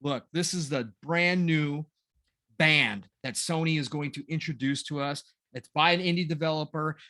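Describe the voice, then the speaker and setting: A man in his forties co-hosts a gaming podcast, rambling through gaming news chat with sarcasm and a self-deprecating streak. His voice is on the high side and sharp, at a moderate pace, recorded in studio quality with no echo.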